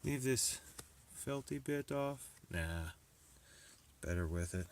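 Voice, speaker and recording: A man's voice: medium pitch, expressive, slow pace, pauses often. A man narrating his own DIY repair vlog casually, with joking, self-mocking asides. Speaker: DIY video maker.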